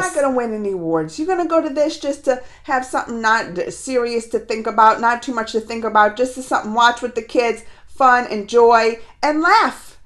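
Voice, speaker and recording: This is a woman with a high, light voice talking casually to her viewers about a film. She is chatty and laughs easily, and she keeps calling her audience "y'all" in a relaxed, informal way. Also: fairly quick, few pauses. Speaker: movie reviewer. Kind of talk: casual chat.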